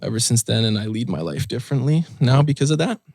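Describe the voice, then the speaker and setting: A young man telling a personal story in an interview, soft-spoken and heartfelt, with many fillers. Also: medium pitch, big pitch swings, fast, dry recording, studio quality. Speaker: guest musician.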